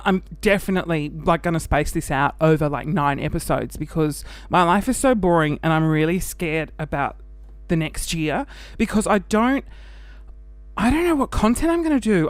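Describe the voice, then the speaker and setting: A man hosting a casual solo podcast, out of breath after the gym, animated and self-mocking, sometimes dropping into a whisper. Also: a little high, dry recording. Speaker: podcast host.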